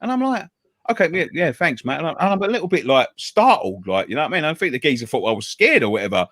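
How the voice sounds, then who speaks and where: A man telling a story in casual show chat, animated, stammering and repeating words, swearing freely and acting out others' lines. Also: a little high, rapid-fire, no echo, clean studio sound. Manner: acts out other people's lines in a raised voice. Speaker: show co-host.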